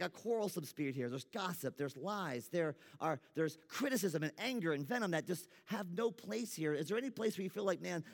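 Male pastor preaching, slightly higher voice, earnest and informal, church hall with long reverb. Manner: earnest, conversational preaching with frequent restarts. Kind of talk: sermon. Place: church sanctuary.

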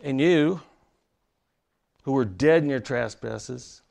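A man's voice: mid-range voice, slow, creaky, darkish tone. A man preaching a sermon in a dramatic way, sometimes dropping to near whispers for emphasis. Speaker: pastor.

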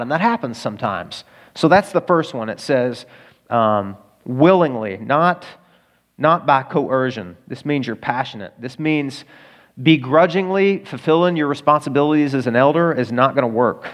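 A man's voice: mid-range voice, expressive, normal speed. A male pastor preaching a conversational sermon, earnest and full of rhetorical questions.

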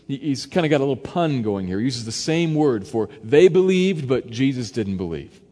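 A man's voice: medium pitch, very animated, moderate pace. Man preaching in a reverberant hall. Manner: conversational, varies loudness for emphasis, acts out quotes. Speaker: pastor. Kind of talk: expository sermon.

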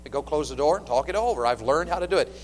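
A man preaching a sermon to his church, animated and swinging between loud and hushed. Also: fairly high pitch, rapid-fire. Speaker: pastor. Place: church sanctuary. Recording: long hall reverb, faint hum.

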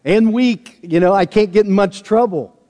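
A man's voice: high-pitched, normal speed, dark tone. A man preaching a sermon, walking through a Bible passage with self-deprecating asides. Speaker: pastor. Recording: long hall reverb.

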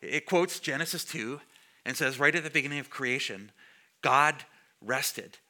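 This pastor speaks a little slowly in a mid-range voice with a bright, forceful tone as he preaches to the congregation in church. He talks conversationally and jokes with those listening.

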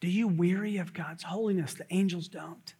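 A male pastor preaching a sermon, swinging from loud repeated shouts to hushed near-whispers. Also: high voice, fairly even intonation, normal speed, husky, in a large hall.

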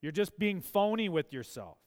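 A man's voice: high voice, sing-song, moderate pace. A man preaching a sermon, earnest and asking pointed, emphatic questions. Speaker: pastor. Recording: long hall reverb.

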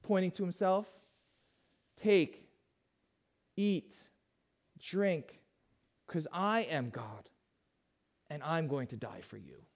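A pastor preaching a sermon in a high-pitched male voice. He poses questions to his listeners and moves between quiet, drawn-in passages and louder, emphatic ones. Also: slow pace, long pauses. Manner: asks the congregation questions, swings from hushed to emphatic.

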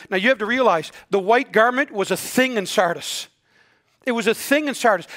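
Male pastor, high-pitched, earnest sermon delivery that sinks to near-hushed lines. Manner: earnest preaching that drops to hushed, quiet stretches.

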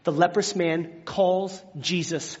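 A man preaching a sermon, animated, acting out biblical quotes with big swings from hushed tones to shouting. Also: high voice, slow pace. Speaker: pastor. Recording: dull sound with long hall reverb.

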